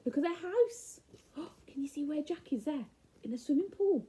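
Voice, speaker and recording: A woman teacher reading a picture book to young children, animated and full of questions and gasps. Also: high-pitched, normal speed. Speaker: primary school teacher.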